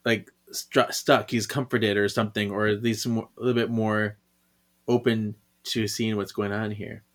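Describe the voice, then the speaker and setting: A man's voice: fairly low pitch, flat delivery, moderate pace, fairly bright tone. Chatty man musing over a comic. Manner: chatty, laughs often, musing asides. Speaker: podcast co-host. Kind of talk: casual comic read-along recap.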